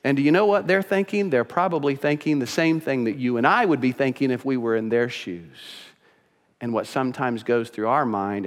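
A man preaching a sermon as pastor, telling the story with lively acted-out voices. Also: mid-range voice, normal speed, long reverb tail. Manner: acts out quoted voices, animated storytelling.

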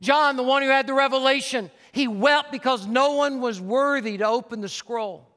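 A man's voice: moderate pace, big-room sound. A man preaching a sermon to a church auditorium, telling stories with passion and dropping his voice for the altar call. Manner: impassioned storytelling, dropping soft and low for the altar call.

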